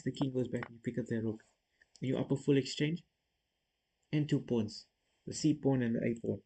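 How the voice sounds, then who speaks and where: A man's voice: medium pitch, a little fast, gravelly, pauses often, dark tone, a little hiss or hum, rough recording. A man streaming chess, thinking aloud as he works through puzzle moves and talks casually to his viewers. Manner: self-critical, talks to viewers.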